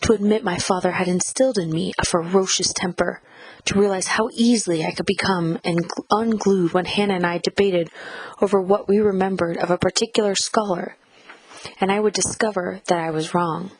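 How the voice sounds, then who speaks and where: A woman narrating a first-person audiobook in a measured, reflective reading style. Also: on the low side, steady tone, slightly rough, low-quality recording.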